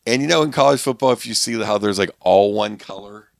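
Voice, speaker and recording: A middle-aged comedian from Pittsburgh, USA, guests on a podcast with a rambling, restart-filled anecdote. His lowish voice is gravelly, and he talks fairly quickly.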